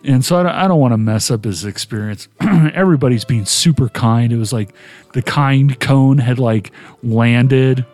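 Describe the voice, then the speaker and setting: A man's voice: medium pitch, moderate pace, darkish tone. A man hosting a podcast, telling a long, rambling story in casual chat. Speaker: podcast host.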